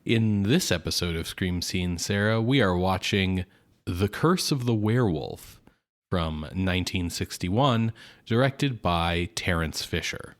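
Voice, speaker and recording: Slow, very deep-voiced congested man. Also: lively intonation. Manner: talks low to hide a stuffed nose. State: stuffed up, congested. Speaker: podcast co-host. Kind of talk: casual podcast chat.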